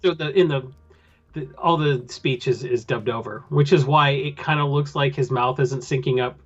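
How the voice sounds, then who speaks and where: A man's voice: mid-range voice, moderate pace, dull audio, soft background music. A man chatting casually about a film as a podcast host, rambling with lots of filler. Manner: rambling, loose with filler words. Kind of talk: casual chat.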